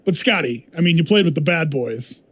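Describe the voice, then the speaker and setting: High-voiced young man hosting sports radio. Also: a little fast, husky. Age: young adult. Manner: animated storyteller, laughs easily, acts out quotes. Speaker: fill-in radio host. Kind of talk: sports talk radio chat. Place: radio studio.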